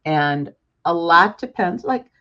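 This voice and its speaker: A woman's voice: on the low side, expressive, slow, pushed and bright, lo-fi sound. An older woman, a book author, speaking as a guest in a talk-show interview in an earnest, emphatic and openly emotional way.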